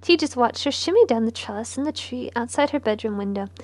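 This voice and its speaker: A woman reading a historical novel aloud, softly and often in a near whisper, with casual asides. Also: on the high side, lively intonation, a little fast, no echo. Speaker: narrator.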